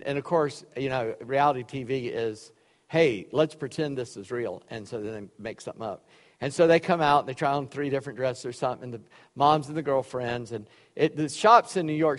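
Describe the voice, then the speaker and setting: A man preaching a sermon, reading scripture and explaining it with folksy, joking asides. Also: medium pitch. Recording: long reverb of a large hall.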